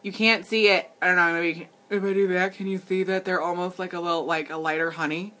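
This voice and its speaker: A woman's voice: fairly low pitch, steady tone, quick pace, a bit bright. A woman hosting a live makeup tutorial, chatting casually with viewers and laughing often. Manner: giggly, talks straight to viewers, easily amused. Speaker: makeup demonstrator and livestream host.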